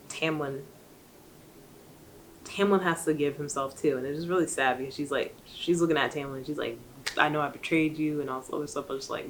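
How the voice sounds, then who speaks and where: A woman's voice: deep voice, slight background noise, rough recording. A young woman rambling through a casual book recap, full of fillers and asides. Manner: rambling, chatty, many fillers. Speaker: book vlogger.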